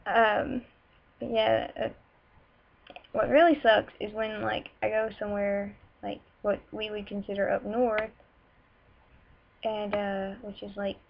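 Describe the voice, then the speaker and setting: A teenage girl with a Southern accent, rambling casually to a webcam with lots of fillers and quick irritated asides. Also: medium pitch, creaky. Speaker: vlogger. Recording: muffled webcam audio with music behind.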